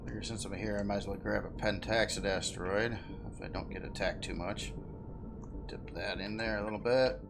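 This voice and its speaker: A man's voice: on the low side, steady tone, brisk. Easygoing man chatting over gameplay. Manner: easygoing, laughs often, flares up when frustrated. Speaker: game streamer. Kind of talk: casual gameplay chat.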